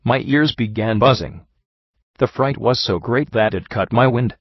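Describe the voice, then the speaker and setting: A man narrating a book in a steady, measured reading style. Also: mid-range voice, no echo. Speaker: audiobook narrator. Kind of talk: scripted narration. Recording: slightly muffled lo-fi recording.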